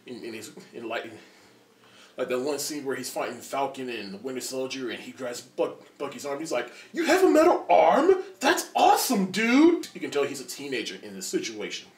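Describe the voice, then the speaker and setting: A man in his twenties giving a casual spoiler movie review, excited and rambling, with lots of restarts and laughter. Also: mid-range voice, fairly quick. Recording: roomy echo, distant from the mic.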